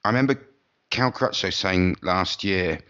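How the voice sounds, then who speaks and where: A podcast co-host chats casually about motorbike racing in a deep, slightly bright voice with lively intonation and a measured pace. He rambles and frequently restarts his sentences, and the recording is muffled.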